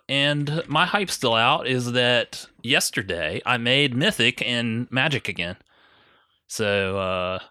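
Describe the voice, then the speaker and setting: A young man with a bright, forceful voice chats casually on a podcast and tells profane stories. He mocks people by mimicking their lines. His voice is recorded close and dry. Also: mid-range voice, no room sound. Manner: profane storytelling, mocks others in quoted voices. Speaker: podcast co-host. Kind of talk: casual chat.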